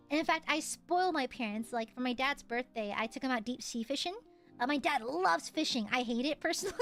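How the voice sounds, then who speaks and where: Young woman, high-pitched voice, casual streaming chat, rambly, laughs a lot. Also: fairly bright tone. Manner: chatty and rambling, laughs often. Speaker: VTuber streamer.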